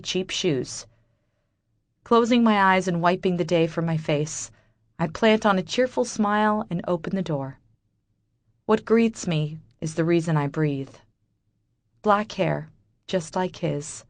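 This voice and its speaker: A woman narrates a first-person audiobook in a bitter, wry inner-monologue manner. Her voice sits on the low side for a woman. The recording is dry and close, with no room sound. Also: no room sound.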